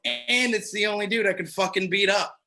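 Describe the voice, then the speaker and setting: A man's voice: sits high, steady tone, fairly quick, vocal fry, noisy background. A man performing a stand-up comedy set on a club stage, telling loose, profane stories and acting out the people in them. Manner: loose, profane storytelling with acted-out quotes.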